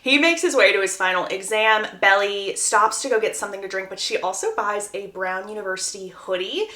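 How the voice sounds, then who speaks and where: A young woman retelling a book's plot in a chatty, animated way, stopping to share her own opinions. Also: medium pitch, a little fast, reverberant. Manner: animated, gushing storyteller who breaks off to give opinions. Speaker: book recap creator. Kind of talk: chatty book plot recap.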